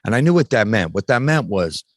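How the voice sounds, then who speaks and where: A man in his thirties speaks in a fairly low voice, recorded dry and close with no room sound. He tells a personal story casually and bluntly, with frank swearing and frequent restarts. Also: very animated, fairly quick, no echo. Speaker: podcast guest. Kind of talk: candid personal story in conversation.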